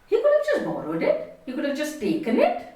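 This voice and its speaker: An Indian woman trainer delivers a lesson, stressing words expressively. Her voice is high and swings widely as she talks fast. The sound is echoey and set well back from the mic. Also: wildly swooping pitch, warm tone. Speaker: communication trainer. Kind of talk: spoken lesson. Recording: echoey room, distant mic.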